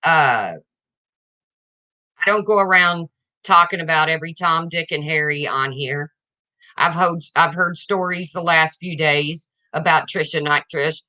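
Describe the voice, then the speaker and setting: A woman's voice: sits low, a little slow, sharp tone, lo-fi sound. A woman livestreaming to her viewers, ranting in an indignant, confrontational way and addressing them directly.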